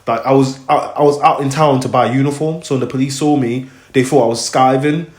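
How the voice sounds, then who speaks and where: Young man, storyteller, rambling and animated, echoey room, middle pitch. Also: brisk. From Congo, raised in America, now UK. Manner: rambling and animated, acts out voices, heavy slang fillers. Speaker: host. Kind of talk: casual storytelling chat.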